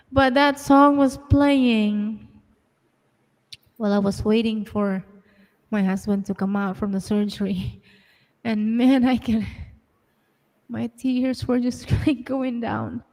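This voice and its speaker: A woman's voice: a little high, a little mellow, big-room sound. A woman chatting on a live stream, emotional and close to tears, laughing through her words. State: tearful, close to crying. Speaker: singer and live-stream co-host. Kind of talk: casual live-stream chat.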